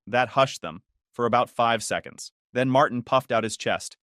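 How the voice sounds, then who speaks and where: A man's voice: medium pitch, moderate pace, a bit bright, no echo, clean studio sound. A man narrating a first-person family drama story in a bitter, matter-of-fact way.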